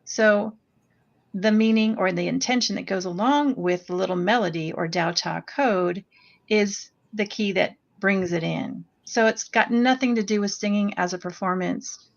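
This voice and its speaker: A woman leading a guided meditation with chanted vowel sounds, speaking slowly and gently. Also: medium pitch, creaky, muffled recording. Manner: slow, gentle and soothing.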